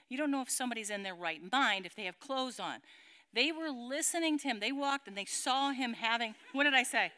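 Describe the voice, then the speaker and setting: A woman with a fairly high, sharp voice teaches a Bible passage to a group with dramatic flair. She checks in with her listeners again and again and acts out the story's sound effects.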